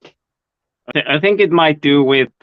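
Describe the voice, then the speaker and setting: A man's voice: fairly high pitch, normal speed, no room sound. Man, plain short answers, muffled, dry. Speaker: angler guest. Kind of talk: casual chat. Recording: dull, dry sound.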